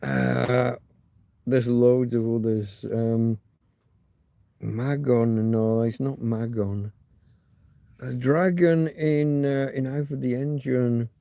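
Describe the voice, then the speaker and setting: A man's voice: mid-range voice, slow, pauses often, warm tone, no room sound. A man hosting a loose livestream, thinking aloud and muttering asides as he reads viewers' chat. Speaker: livestream host. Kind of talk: rambling live chat with viewers.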